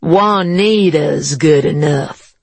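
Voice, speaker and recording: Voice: medium pitch, takes it slowly, creaky, husky, no room sound, heavily acted. A narrator voicing a brash, mocking, beery middle-aged woman in an audiobook, with a slangy, taunting manner. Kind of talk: audiobook character voice.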